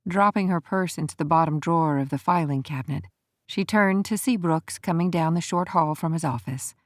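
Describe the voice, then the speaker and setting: A woman narrating a romance audiobook in an even, measured storytelling manner. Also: deep voice, no room sound.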